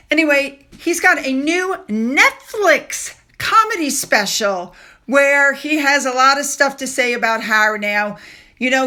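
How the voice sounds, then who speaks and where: A woman's voice: high voice, sharp tone. A woman hosting a casual commentary vlog, chatty and sarcastic as she reads out quotes. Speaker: commentary channel host.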